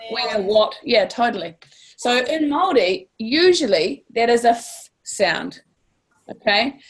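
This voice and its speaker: A woman's voice: on the high side, animated, unhurried, breathy edge. A woman with a New Zealand accent teaching a class, upbeat and encouraging, stretching words out to model sounds. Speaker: language teacher.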